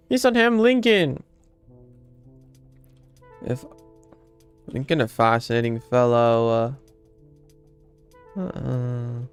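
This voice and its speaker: A man streaming and chatting casually, excitable and prone to squeaky high yelps. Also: smooth.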